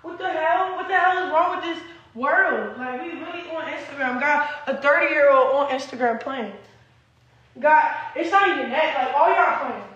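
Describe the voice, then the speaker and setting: Young woman ranting on a phone live, high voice, rambling and cussing, roomy echo. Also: moderate pace, a bit bright, muffled recording. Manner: rambling, agitated and profane. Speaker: livestreamer. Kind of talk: casual livestream rant. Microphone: phone livestream.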